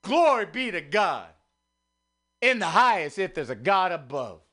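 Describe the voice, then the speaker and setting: A radio host delivers an impassioned, preacher-style monologue that swings from hushed murmurs to rising exclamations, leaving him a little out of breath. His voice sits high, and he is very animated while speaking a little slowly.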